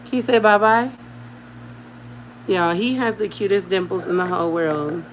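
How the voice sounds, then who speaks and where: A woman's voice: mid-range voice, normal speed, slight background noise, poor audio. A woman at home talking in casual vlog chat while caring for a baby, slipping into doting baby talk as she coaxes an infant to speak. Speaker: vlogger.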